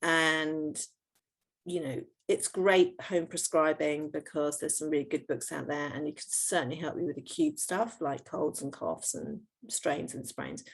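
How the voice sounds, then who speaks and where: A middle-aged woman talks through her work as a homeopath. Her voice sits fairly low and carries a gravelly edge. She explains patiently, pausing on "um" and "you know" and restarting phrases as she goes. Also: steady tone. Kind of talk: explaining in a podcast interview.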